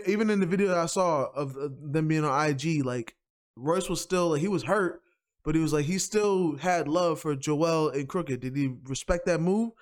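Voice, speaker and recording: Animated man with a higher voice. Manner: animated, rambling, profane slang. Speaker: podcast co-host. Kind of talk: casual chat.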